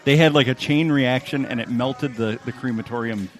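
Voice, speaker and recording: A man's voice: mid-range voice, normal speed. A man co-hosting a casual comedy podcast, telling wry, morbid stories in banter. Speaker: podcast co-host.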